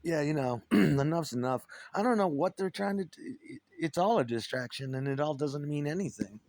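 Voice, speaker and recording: In a dry, studio-quality recording, a middle-aged man from upstate New York who used to play punk speaks alone at a moderate pace. His voice is fairly high and darkish in tone, with lively intonation. What he delivers is a rambling, profane, aggrieved rant full of restarts.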